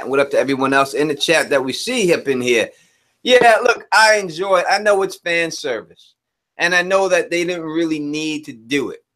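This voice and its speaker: A man co-hosting a live-stream review show, talking casually in a laid-back way and shouting out viewers in the chat. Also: a little high.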